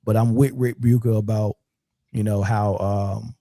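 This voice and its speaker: A man with a warm, mellow voice talks in a loose, filler-heavy way. The sound is dry and close, with no room echo. He speaks as a podcast co-host in casual chat. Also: lowish voice, fairly even intonation, unhurried, creaky.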